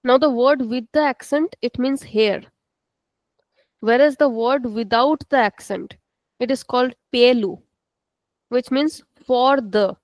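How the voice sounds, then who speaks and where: A woman's voice: fairly high pitch, dry recording, rough recording. Patient woman teaching an online class. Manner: slow, patient, repeats words for students. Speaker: Portuguese language teacher. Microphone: video call.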